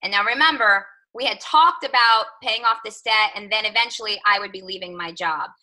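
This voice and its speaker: A woman's voice: medium pitch, brisk, sharp tone, rough recording. A woman in her thirties, a coach telling a personal story on a team call, chatty, with lots of "like" and "right?". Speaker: fitness coach.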